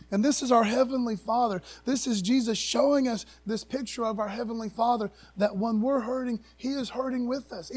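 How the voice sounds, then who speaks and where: Guy preacher w a pretty high voice, chatty sermon, keeps saying man, restarts a lot. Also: darkish tone. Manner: emphatic and folksy, often tags sentences with "man"; restarts and searches for words aloud. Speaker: pastor. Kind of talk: casual conversational sermon.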